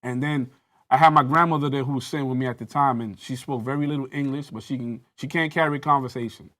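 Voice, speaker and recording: A man's voice: mid-range voice, steady tone, fast, pushed and bright. A man telling a personal story in a panel discussion, acting out the dialogue with rising intensity. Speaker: guest recounting a police interrogation.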